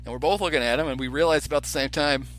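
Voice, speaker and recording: A podcast co-host races through a casual, animated anecdote in a slightly high voice, acting out the people he quotes. Soft music plays in the background.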